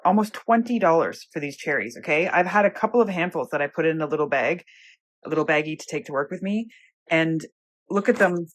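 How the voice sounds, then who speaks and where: A woman filming an exasperated, swearing rant about spoiled food she bought. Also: fairly low pitch. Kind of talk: angry phone review video.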